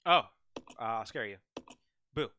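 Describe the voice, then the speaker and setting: A man's voice: mid-range voice, expressive, measured pace, pushed and bright, a little hiss or hum. A man co-streaming a video game, chatting casually with dry, joking asides. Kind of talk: casual gaming chat.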